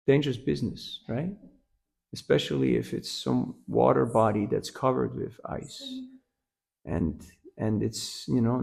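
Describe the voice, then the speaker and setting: A man with a mid-range voice and vocal fry gives a devotional class as a temple lecturer. He tells a story with humor, laughs at his own jokes, and keeps asking his listeners "huh?" like a lively storyteller.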